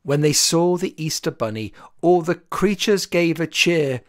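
An author reading a rhyming picture book aloud in an expressive, sing-song rhythm. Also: medium pitch, a little slow, no room sound, clean studio sound.

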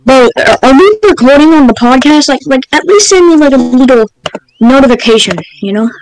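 A man's voice: very high-pitched, expressive, a little fast, slight background noise, rough recording. A male podcast co-host chatting casually, joking around and rambling. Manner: goofy, joking, rambling with lots of "bro" and "like". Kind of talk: casual chat.

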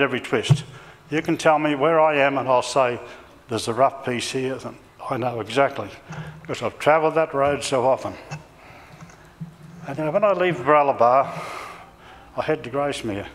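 Older Australian farmer preaching in a church. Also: male voice, medium pitch, fairly bright tone. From Central Queensland, Australia. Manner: homespun, rambling storyteller with self-corrections. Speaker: lay preacher and cattle farmer. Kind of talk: sermon with folksy personal stories. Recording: church reverb, faint background noise.

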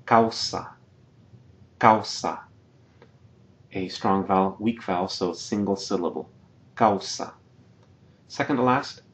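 Low-voiced man teaching a language lesson. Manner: patient, explanatory, repeats each word slowly. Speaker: Spanish teacher. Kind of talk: slide-based video lesson.

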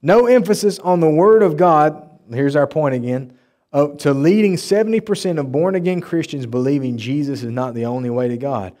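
A male pastor delivering an emphatic, animated sermon in a church and acting out the people he quotes. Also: fairly high pitch, normal speed. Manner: emphatic, animated preaching with mocking quoted voices. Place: church sanctuary.

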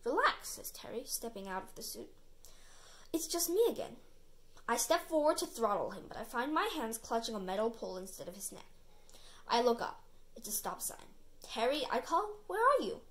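A woman reading a children's chapter book aloud as the storyteller, with expressive narration. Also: a little high, moderate pace.

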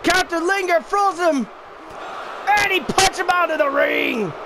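High pitched guy yelling play-by-play over a wrestling game, lots of background noise. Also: unhurried. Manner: excitable, frequent shouting and exclamations. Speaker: wrestling video game commentator. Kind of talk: excited play-by-play commentary.

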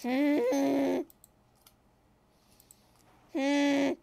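Woman gaming host, high voice, unhurried, excitable self-talk commentary. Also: vocal fry, no room sound. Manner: excitable, talks to herself while playing, shrieks when killed. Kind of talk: let's play commentary.

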